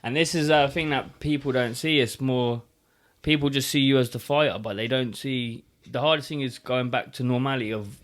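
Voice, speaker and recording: A man's voice: medium pitch, fairly even intonation, moderate pace, a bit bright. A man, a boxer, talking earnestly and reflectively in a casual podcast chat. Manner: earnest, reflective, many fillers. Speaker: boxer guest.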